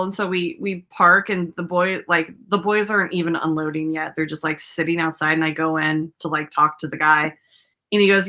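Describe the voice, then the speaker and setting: A young woman hosting a casual chat, her voice bright and a touch low. She rambles through a story with plenty of fillers and laughs along the way. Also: steady tone, moderate pace. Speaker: podcast host.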